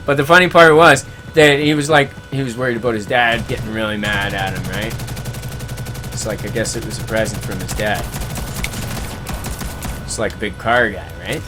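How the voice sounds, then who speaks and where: A man hosting a gaming livestream, chatting casually and telling stories in a laid-back, chuckling way. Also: on the low side. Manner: laid-back, chuckling storyteller who slips into voices for quoted friends. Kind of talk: casual chat, storytelling between reading chat comments.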